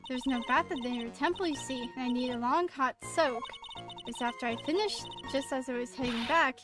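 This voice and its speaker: A woman's voice: sits high, brisk, close to an everyday voice. A woman reading the lines of a talkative elderly head nun from a game, stumbling over words now and then. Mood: chatty. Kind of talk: reading game dialogue aloud. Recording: game music playing under the voice.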